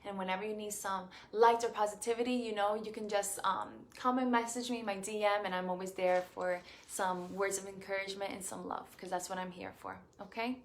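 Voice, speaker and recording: A woman's voice: medium pitch, fairly even intonation, fairly quick, few pauses, a little hiss or hum. Gushing young woman answering fans live. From Puerto Rico. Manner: effusive and grateful, many fillers and restarts. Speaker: beauty queen answering fan questions. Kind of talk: casual live-stream chat.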